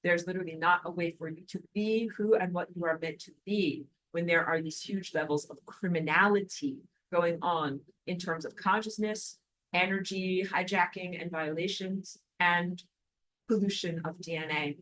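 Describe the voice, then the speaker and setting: A woman teaching a recorded online spiritual lesson and answering viewer comments, emphatic and animated, repeating words for stress. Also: fairly low pitch, moderate pace, rough recording.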